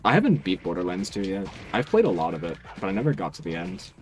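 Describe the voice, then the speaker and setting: Man, game streamer, low voice, lively intonation, dry teasing casual chat. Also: fast talker, soft background music. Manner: laid-back, dry and teasing, answers chat.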